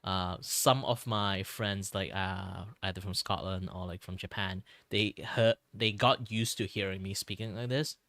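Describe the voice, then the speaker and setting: Low-voiced rambling Malaysian-born man. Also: steady tone, measured pace, few pauses, a bit bright, dry recording. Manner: rambling, full of "like" and restarts. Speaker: streamer host. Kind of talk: casual chat.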